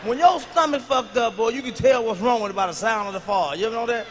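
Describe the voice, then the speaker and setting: Loud, high-voiced man doing stand-up. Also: fast talker, long reverb tail, a little hiss or hum. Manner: loud, swaggering, profane storytelling with sudden shouts and drops to a murmur. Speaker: stand-up comedian. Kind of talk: stand-up comedy routine. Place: large live venue on stage.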